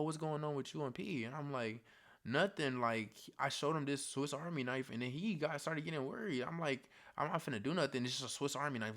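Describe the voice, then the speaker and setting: A young man tells a story to his viewers in loose, slangy talk. He is animated, sinking into hushed asides and then rising to loud bursts. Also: medium pitch. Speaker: storytime vlogger. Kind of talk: casual storytelling.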